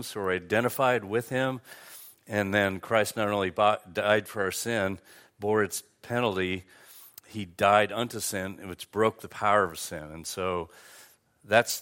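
A man's voice: lowish voice, fairly bright tone. A man preaching as a pastor, teaching in a conversational way with frequent restarts and fillers. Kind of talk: sermon.

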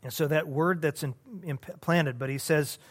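A man pastor leading a Bible study, talking earnestly in a halting, conversational way with many restarts. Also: a little high, fairly even intonation.

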